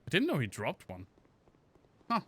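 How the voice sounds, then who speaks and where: A man's voice: a little high, wildly swooping pitch, normal speed, breathy edge. A man casually commenting on a game stream, joking and chatting with his viewers while he plays. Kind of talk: casual gameplay commentary to chat.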